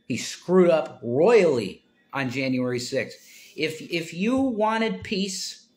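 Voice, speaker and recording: A middle-aged man talking in a rambling, casual monologue, trailing into mumbles and then rising into loud exasperation. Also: a little high, very animated, slow. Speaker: political commentator.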